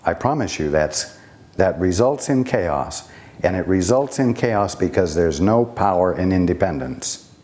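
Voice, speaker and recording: A man giving a spiritual teaching talk, speaking deliberately with long pauses and rhetorical questions. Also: sits low, expressive, a little mellow.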